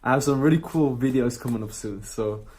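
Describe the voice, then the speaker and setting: Young male vlogger, animated storyteller with a middling voice, keeps checking in with "yeah?" and "right?". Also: medium pitch, fairly quick. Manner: animated, laughing, tag questions like "yeah?" and "right?". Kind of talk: casual storytelling.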